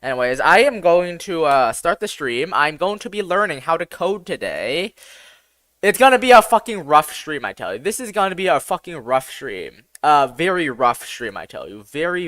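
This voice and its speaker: A man's voice: on the high side, sharp tone, no echo. A young man with a boyish voice chatting casually on a live stream, swearing a lot and running himself down in a rambling way. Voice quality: boyish, youthful-sounding. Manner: profane, self-deprecating, rambling.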